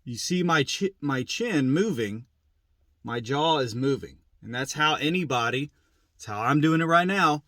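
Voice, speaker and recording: A man's voice: medium pitch, lively intonation, unhurried, fairly bright tone, no room sound. A man giving a plain-spoken, casual lesson on turkey calling, repeating his points as he goes. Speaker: turkey hunting instructor. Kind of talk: casual instructional demo.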